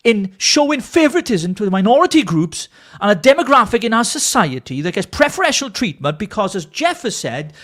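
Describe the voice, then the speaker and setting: A man's voice: high-pitched, sing-song, a little fast, few pauses, fairly bright tone. A man from Britain co-hosting a political talk show, ranting angrily and swearing. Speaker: co-host.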